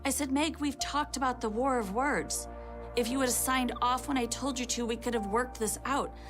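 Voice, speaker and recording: A middle-aged woman, a mother telling her own story as a personal testimony in a slow, measured way. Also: a little high, fairly even intonation. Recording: music playing underneath.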